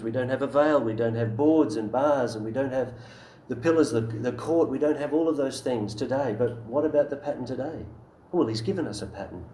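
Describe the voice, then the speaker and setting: A man's voice: medium pitch, a little mellow, reverberant, slight background noise, poor audio. A man preaching a sermon in an earnest, emphatic way, often asking rhetorical questions.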